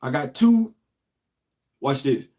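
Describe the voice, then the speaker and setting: A man hosting a casual toy unboxing live stream, talking straight to his viewers in a relaxed way, often repeating himself. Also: mid-range voice, takes it slowly. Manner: laid-back, talks straight to viewers, repeats phrases, trails off.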